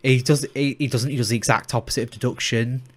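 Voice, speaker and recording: A man's voice: medium pitch, fairly even intonation, quick pace. A young man, co-hosting a casual chat podcast and rambling with many restarts. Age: young adult. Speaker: podcast co-host.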